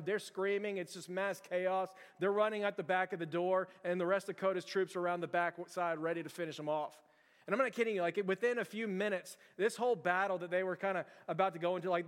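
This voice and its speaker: A man preaching a sermon as pastor, telling stories in an animated, conversational and emphatic way. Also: high voice, fast, big-room sound.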